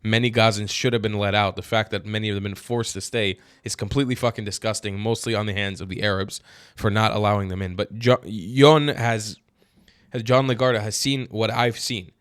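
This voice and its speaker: A man's voice: on the low side, fairly quick, clear, resonant tone, no room sound, clean studio sound. Profane, fiery political commentator man. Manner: profane, swings from flat asides to loud exasperated outbursts.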